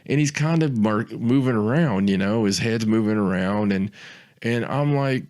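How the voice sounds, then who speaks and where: A podcast co-host with a fairly low-pitched voice tells a story at a moderate pace. He rambles casually, repeats words often, and gets animated when acting out what others said.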